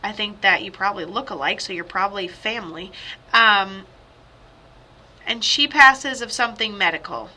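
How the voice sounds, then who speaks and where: A woman psychic medium giving a chatty, rambling spirit reading over a video call, with sudden excited outbursts. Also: mid-range voice, moderate pace.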